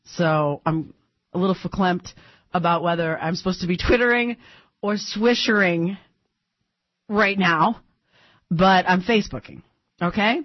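A woman hosting a talk radio show, chatty and animated, thinking aloud with plenty of fillers. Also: fairly low pitch, a little slow, pauses often, no echo. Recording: dull, dry broadcast audio.

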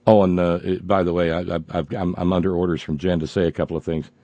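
Gravelly low-voiced male talk host. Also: level tone, fast, mellow, no echo, highs cut off. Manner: sarcastic, ranting, stumbling restarts. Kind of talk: political talk monologue.

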